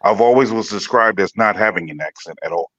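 A man from Illinois chatting on a podcast in a measured, matter-of-fact way. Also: fairly low pitch, a bit bright, muffled recording. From Peoria, Illinois. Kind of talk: casual podcast chat.

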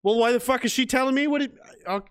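A man giving sarcastic reaction commentary, ranting profanely in the persona of a gruff spy-agency boss, rambling with many restarts. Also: very high-pitched, fast, a bit bright. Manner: rambling with frequent restarts and fillers.

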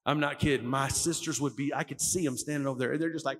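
A fairly high-pitched, fairly quick male voice belongs to a middle-aged lead pastor preaching. He tells stories animatedly and shouts out quoted lines as he acts them. Faint music and a long hall reverb sit in the background.

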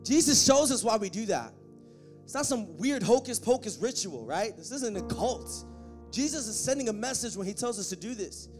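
A man preaching a sermon, joking with the congregation and swelling into shouted, half-sung passages. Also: high voice, big pitch swings, normal speed. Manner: joking asides to the band and congregation. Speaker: pastor. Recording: faint music behind.

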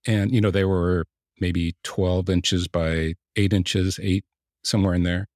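Brief: low-voiced man, thoughtful guest, dead-dry sound. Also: flat delivery, unhurried, darkish tone, dry recording. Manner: reflective, with restarts. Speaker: guest painter. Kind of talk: interview answers.

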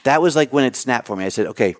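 A man's voice: medium pitch, animated, fast, no room sound, studio quality. A middle-aged man, a political candidate, giving insistent interview answers that often restart mid-thought and push past interruptions. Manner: insistent, talks over the host, many restarts.

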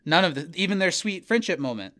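Bright-voiced man recapping a show. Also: high voice, expressive. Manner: retells scenes with quick put-on character quotes and laughs. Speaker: podcast co-host recapping a TV episode. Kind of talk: casual chat.

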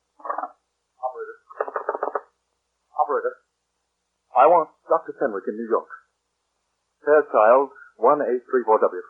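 An actor playing a panicked, guilt-ridden wealthy man, shouting and muttering in 1940s radio-drama style. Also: mid-range voice, measured pace, pauses often, husky. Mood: shaken. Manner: frantic, shouting, breaking into frightened mutters. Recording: tinny old radio broadcast.

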